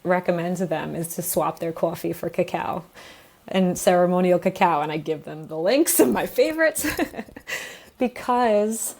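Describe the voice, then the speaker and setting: Candid, low-voiced woman guest. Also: measured pace, creaky, a little mellow. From New York, USA. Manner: open and emotional, laughs often as she talks. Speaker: guest, pelvic floor therapist. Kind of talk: candid interview storytelling.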